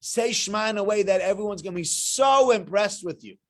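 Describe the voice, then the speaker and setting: A man, a rabbi giving an animated weekly Torah lecture full of rhetorical questions. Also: high voice, brisk.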